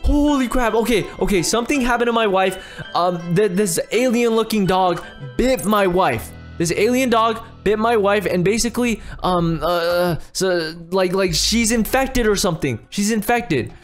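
Brief: high-voiced young man hosting a game roleplay, frantic and stammering. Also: moderate pace, soft background music. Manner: frantic, stammering, repeats phrases. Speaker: roleplay host.

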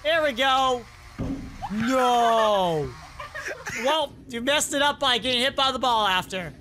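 A reaction video host giving casual commentary on fail clips, animated and exclaiming, voicing what the people and animals in the clips might be thinking. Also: mid-range voice, slow pace, noisy background.

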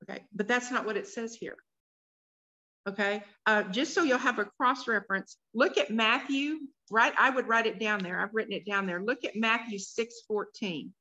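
A woman's voice: fairly high pitch, normal speed, pushed and bright. A woman leading a Bible study workshop, reading scripture aloud and stopping to put questions to the group. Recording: dull lo-fi recording.

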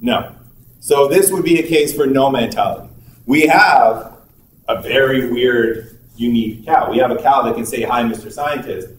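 A male university lecturer giving a conversational classroom lecture, acting out little dialogues as examples. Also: medium pitch. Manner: conversational, acts out little dialogues with quick asides. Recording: echoey room, picked up from a distance with faint noise.

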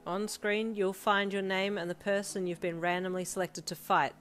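A woman reading aloud and voicing a tired male teacher who gives instructions over a loudspeaker. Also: medium pitch, little pitch movement, moderate pace, soft background music, natural voice. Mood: weary. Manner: announcing.

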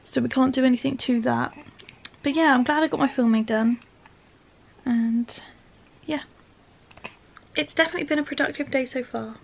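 A woman's voice: high-pitched, moderate pace, gravelly, long pauses, dull audio. A young woman in her twenties chatting casually at home in a vlog, emotional and laughing often. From England. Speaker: vlogger.

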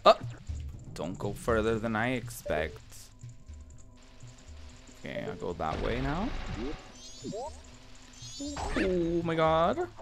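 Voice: mid-range voice, lively intonation, takes it slowly, pauses often. A streamer giving casual live commentary while playing a video game, exclaiming, laughing and swearing at the game. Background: game music.

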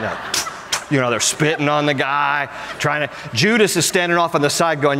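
Animated male pastor preaching. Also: on the high side, normal speed, very noisy. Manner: animated, humorous storytelling. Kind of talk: sermon. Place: church sanctuary. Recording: echoey church hall.

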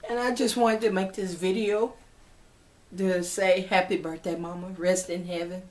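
A woman's voice: on the low side, fairly even intonation, moderate pace, a little mellow. A woman, crying as she talks heartfelt to her viewers in a personal vlog. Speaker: vlogger.

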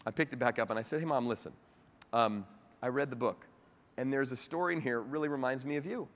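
A man at mid pitch tells a story from the stage of a large convention hall, and his voice trails off in a long reverb. He is an animated storyteller who acts out the quoted voices of the people in his story. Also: fast talker. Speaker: keynote speaker. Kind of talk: storytelling keynote speech.

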